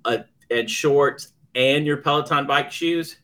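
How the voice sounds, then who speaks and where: A man's voice: on the high side, bright, forceful tone. A man co-hosting a podcast, chatting casually, rambling and joking. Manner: chatty, rambling, quick to joke. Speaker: podcast co-host. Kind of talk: casual chat.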